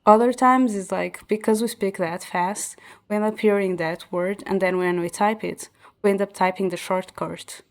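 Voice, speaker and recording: A woman's voice: medium pitch, steady tone, normal speed. A woman from central Portugal with a Portuguese accent, a native Portuguese speaker chatting casually in English as a streamer, explaining with many restarts and fillers. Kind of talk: casual chat while gaming. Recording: soft background music.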